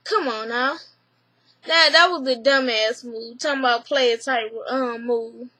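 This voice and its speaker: Woman vlogger, high and bright, animated and profane, recapping a TV episode from her room. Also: measured pace, dry recording. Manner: animated, profane, retells scenes in quoted voices. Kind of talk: casual spoken recap. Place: small home room with a fan running.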